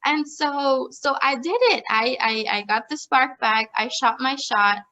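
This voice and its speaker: Chatty young woman, bright voice. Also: high voice, unhurried, dull audio. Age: young adult. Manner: animated, chatty, peppered with "like", laughs often. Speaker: podcast guest. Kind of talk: casual storytelling interview.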